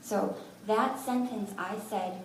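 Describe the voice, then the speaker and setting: A woman's voice: medium pitch, slow, slight background noise. A woman teaching a language class, patiently sounding out words syllable by syllable with good-humored asides. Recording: echoey room, from far off.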